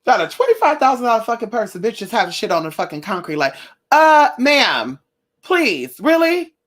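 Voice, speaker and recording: A young woman vlogging in a casual chat with her viewers, blunt and profane, telling animated stories. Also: fairly high pitch, moderate pace. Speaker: spiritual vlogger.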